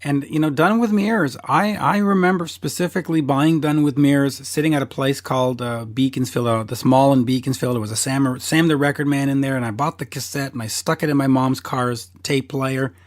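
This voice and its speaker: A man's voice: mid-range voice, fairly even intonation, fairly quick, hardly any pauses, no echo. A man hosting a podcast, chatting enthusiastically and bluntly, losing his voice a little. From Canada. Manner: enthusiastic, blunt, swears casually. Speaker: podcast host. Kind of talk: casual interview chat.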